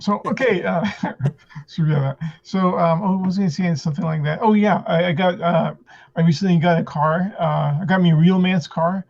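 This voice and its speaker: A man doing stand-up jokes over a video call, halting with many fillers, clearing his throat and giggling at his own lines. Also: high voice, darkish tone. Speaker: stand-up comedian. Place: at home in front of a green screen. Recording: muffled lo-fi video call audio.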